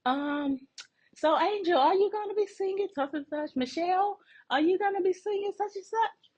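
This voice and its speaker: A woman's voice: very high-pitched, moderate pace, darkish tone, pitched above the performer's own voice. A woman mimicking a chirpy, intrusive coworker. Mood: overly friendly.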